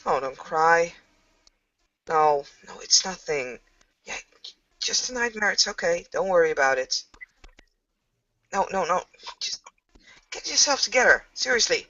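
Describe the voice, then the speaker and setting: A man's voice: sits high, big pitch swings, bright, forceful tone, no echo, heavily acted. Brief: woman voicing a nervous, pleading young man in a tabletop game; a dull, distant mic. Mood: soothing. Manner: coaxing, fast and fretful.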